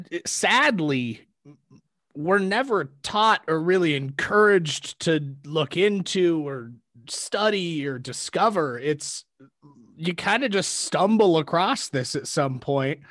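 A man's voice: on the high side, lively intonation, slow, fairly bright tone, no room sound. Earnest man in a dry recording. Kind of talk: casual podcast conversation.

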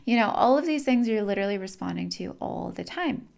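A woman's voice: mid-range voice, lively intonation, brisk, gravelly, a little mellow. A woman giving a casual spiritual teaching talk in a chatty, repetitive way, acting out little everyday dialogues as she explains.

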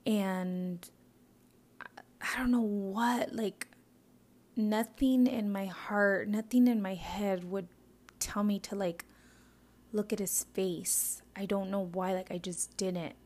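A young woman telling a personal story in a halting way, full of fillers and often dropping into a whisper, tearful. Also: mid-range voice, fairly even intonation, darkish tone. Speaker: mother recounting a loss.

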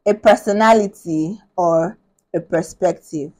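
A woman's voice: on the low side, measured pace, darkish tone, poor audio. A woman from Nigeria hosting a podcast in casual chat. She is bubbly, laughs often and thinks aloud with many restarts. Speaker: podcast host.

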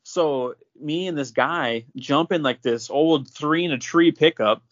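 A man's voice: fairly high pitch, unhurried, muffled recording. Rambling man telling a hunting yarn. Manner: rambling, filler-heavy, lots of "like". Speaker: podcast host. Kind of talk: casual storytelling chat.

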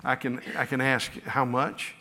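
A man's voice: mid-range voice, monotone, a little slow, bright, forceful tone. A man preaching a sermon, telling stories about himself with a self-deprecating touch and frequent restarts. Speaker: pastor. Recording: long hall reverb.

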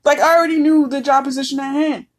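Blunt, profane high-voiced woman. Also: fairly even intonation, quick pace. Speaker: podcast host. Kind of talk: casual monologue.

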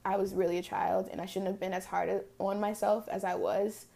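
Young woman in her 20s talking through a sad memory, casual and reflective, lots of "like", mid pitch. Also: flat delivery, brisk, vocal fry, warm tone. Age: early 20s. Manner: casual, reflective, frequent "like" fillers. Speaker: podcast host. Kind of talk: personal storytelling monologue.

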